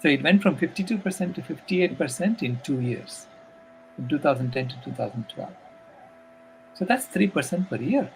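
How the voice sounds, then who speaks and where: A man's voice: a little high, animated, moderate pace, vocal fry, a little mellow, slight background noise, low-quality recording. An older man telling a story as a guest, earnest and casual, with many fillers.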